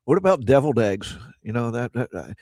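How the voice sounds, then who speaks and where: A man's voice: medium pitch, sing-song, brisk, darkish tone, no room sound. A middle-aged man co-hosting a sports talk radio show, chatty and often repeating words as he finds his point.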